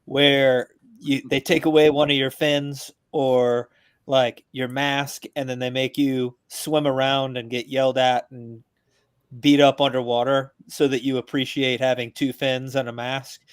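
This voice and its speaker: A veteran calling in to a podcast, talking casually in an animated, joking, profane rant. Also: male voice, mid-range voice, measured pace, smooth, dry recording, clean studio sound. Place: abroad, remote from the hosts.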